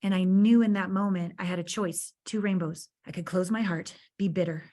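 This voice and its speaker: A woman's voice: lowish voice, steady tone, moderate pace, mellow. Earnest woman telling heartfelt stories. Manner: earnest and heartfelt, builds stories with emphatic repetition. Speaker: podcast guest. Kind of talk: conversational interview storytelling.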